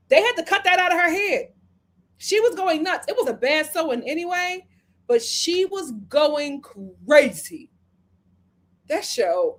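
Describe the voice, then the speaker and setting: A woman hosting a casual live-stream review, chatting and reading viewer comments with dramatic, animated retelling. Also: very high-pitched, a little slow.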